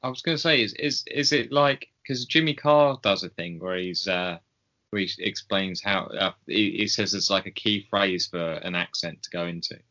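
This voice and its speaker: A man co-hosting a podcast in casual chat, wry and quick to laugh. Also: sits low. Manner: wry, laughing, animated when opinionated. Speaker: podcast co-host. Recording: dull lo-fi podcast audio.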